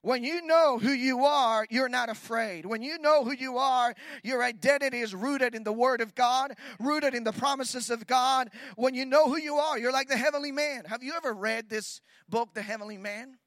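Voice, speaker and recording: A man preaching as a guest speaker. He builds to loud repeated declarations, then drops to quiet, low asides. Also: normal speed, few pauses, no room sound. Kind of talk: sermon.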